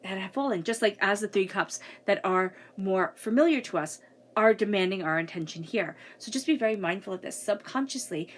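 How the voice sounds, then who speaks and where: A woman giving a spoken tarot reading in a flowing, searching way, repeating words and drifting into soft asides. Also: mid-range voice, lively intonation, brisk. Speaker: tarot reader.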